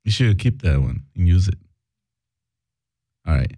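A man recording takes of a radio promo in a studio, reading the lines slowly and laughing between retakes. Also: low voice, very animated, dark tone, no echo. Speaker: voice-over talent recording a promo.

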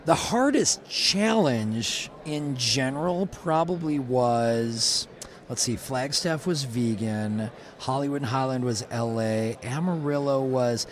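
A man's voice: mid-range voice, slow pace. A middle-aged man, a food truck owner, telling stories in casual panel chat and acting out quotes. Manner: animated storyteller, acts out quotes.

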